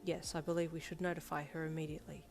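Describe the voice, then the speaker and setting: A woman's voice: deep voice, level tone, quick pace, vocal fry, darkish tone, faint music behind. A woman reading aloud voices an earnest teenage boy who speaks stiffly and formally. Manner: stiff, formal, polite wording.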